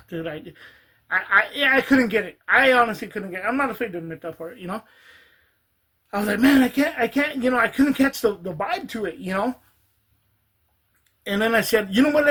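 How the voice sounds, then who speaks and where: A man's voice: high voice, a bit bright, husky. A man, a rap artist hosting a podcast, casually telling a studio story with many restarts and fillers.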